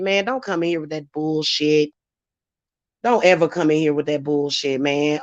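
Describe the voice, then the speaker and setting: A woman's voice: on the low side, no room sound, highs cut off. A woman hosting her channel, ranting heatedly and profanely at commenters in a live-stream vlog. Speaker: channel host and spiritual reader. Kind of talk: live-stream rant to viewers.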